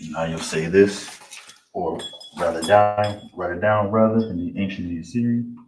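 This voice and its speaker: A very low-voiced man leads a language class and patiently repeats each word. He sounds far from the mic in a roomy, echoey space, with dishes and cutlery clattering loudly behind him. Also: steady tone, background noise. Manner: patient, repeats words slowly. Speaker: teacher.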